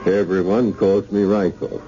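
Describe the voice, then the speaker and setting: An actor playing a jovial old soldier, hearty and rambling, in a 1970s radio drama. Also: male voice, sits low, flat delivery, a little slow, music in the background. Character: jovial old male soldier, fond of food. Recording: dull lo-fi radio recording.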